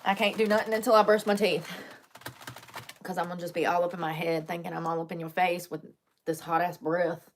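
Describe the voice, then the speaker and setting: A woman's voice: fairly low pitch, little pitch movement, brisk, a little hiss or hum. Young woman vlogging, chatty and jokey, cusses a lot, talks right to the camera. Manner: chatty, joking, swears casually. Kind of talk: casual chat to camera.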